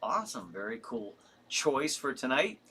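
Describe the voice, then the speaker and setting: A man's voice: medium pitch, big pitch swings, normal speed, pushed and bright, breathy edge. A man hosting a casual live stream, reading viewer comments aloud and answering them in a rambling way with fillers and restarts. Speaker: host.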